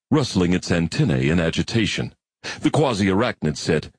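A man narrating a science-fiction audiobook in an expressive storytelling manner. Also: low voice, normal speed, slightly rough, dry recording. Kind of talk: scripted narration.

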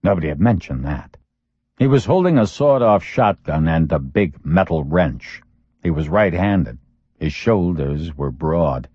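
A man narrates a thriller audiobook in a steady, measured way, his voice sitting very low. The recording sounds dull and lo-fi, dry and close with no room sound. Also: slightly rough, no echo.

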